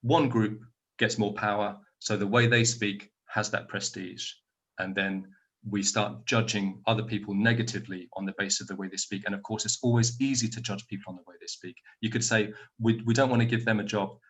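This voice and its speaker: Low-voiced man explaining from home. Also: little pitch movement, fairly quick, fairly bright tone. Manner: thoughtful, explanatory. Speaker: plenary conference speaker. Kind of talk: answering audience questions. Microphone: video call.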